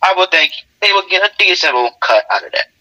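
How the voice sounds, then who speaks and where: Laid-back young man, very bright voice. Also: high voice, lively intonation, quick pace, no room sound, rough recording. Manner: laid-back, says "you know" constantly. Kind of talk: improvised fan story chat.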